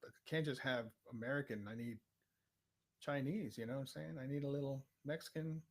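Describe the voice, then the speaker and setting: A man co-hosting a casual live stream, slangy and joking as he guesses movie quotes out loud. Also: mid-range voice, fairly quick. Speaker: co-host.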